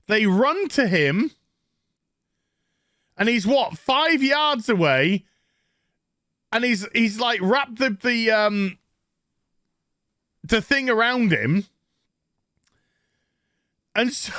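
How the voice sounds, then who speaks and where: A man's voice: very high voice, sharp tone, no echo, clean studio sound. A man with a Yorkshire accent ranting sarcastically through a profane TV review, mocking the characters with put-on voices. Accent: Yorkshire English. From England. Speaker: TV show reviewer.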